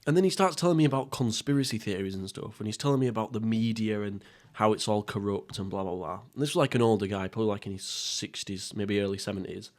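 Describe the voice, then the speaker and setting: A man's voice: fairly low pitch, quick pace. Young man, sweary rambling podcaster. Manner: rambling, sweary, laughs at himself. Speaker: podcast host. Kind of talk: casual mukbang podcast chat. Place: at home, seated.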